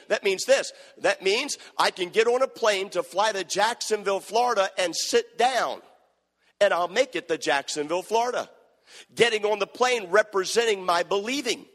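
Preacher, male, high voice, emphatic repetitive sermon delivery, long reverb. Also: a bit bright.

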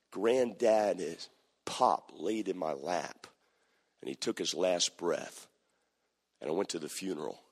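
A male pastor preaching a sermon, moving between hushed storytelling and shouting. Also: sits low, husky. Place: church sanctuary. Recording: echoey church hall.

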